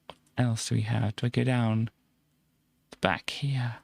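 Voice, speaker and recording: Gravelly-voiced man chatting through a game. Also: mid-range voice, little pitch movement, a little slow, no room sound. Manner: playful, chatty, drops in silly sound effects. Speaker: streamer. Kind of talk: casual gameplay commentary.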